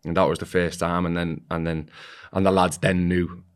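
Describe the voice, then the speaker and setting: On a football podcast, a guest with a low, smooth voice speaks at a normal pace. His story wanders and keeps restarting, told casually and with energy as he performs the voices of each person he quotes.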